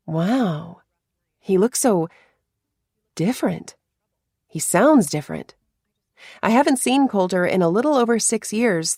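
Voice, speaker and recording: A woman narrating a first-person romance story in a soft, confiding way, with hushed asides. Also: mid-range voice, no echo, studio quality.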